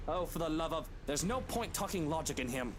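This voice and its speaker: An actor voicing a calm, protective husband in a visual novel game, speaking firmly. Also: male voice, a little high, fairly quick, a crowd in the background, lightly acted. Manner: calm and firm.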